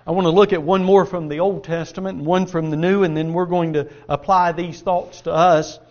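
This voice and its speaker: A man's voice: high voice, steady tone, fairly quick, darkish tone, dull audio. A man preaching a sermon and reading scripture aloud, earnest and folksy, asking his listeners rhetorical questions.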